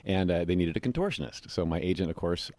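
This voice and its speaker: A middle-aged American man with a very low, deep voice tells stories in a relaxed interview. He talks in an animated way and jumps into other voices when he quotes people. The sound is dry and close. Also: fast talker, no echo. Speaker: guest, actor and mime. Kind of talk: casual interview storytelling.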